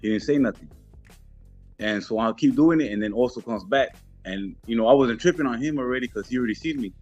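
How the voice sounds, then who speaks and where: A man's voice: mid-range voice, quick pace, darkish tone. A man as a podcast guest, telling a story casually in street slang, laid-back and acting out what others said. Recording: muffled with faint music.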